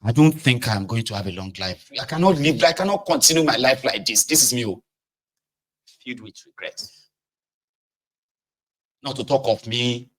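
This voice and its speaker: A middle-aged man with a Nigerian accent talks straight to his viewers in a loose, animated monologue. He drops into Pidgin now and then. His pitch sits in a middle range. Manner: animated, acts out shouted scenes, Pidgin asides. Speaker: vlogger. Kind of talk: casual monologue commentary.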